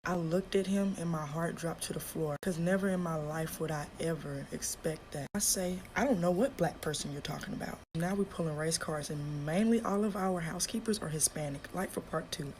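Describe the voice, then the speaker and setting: A woman's voice: deep voice, a little mellow, slight background noise. Upset young woman vlogging from work. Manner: upset, close to tears, talking fast. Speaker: hotel front desk worker. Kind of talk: vlog storytime. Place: at work in a hotel.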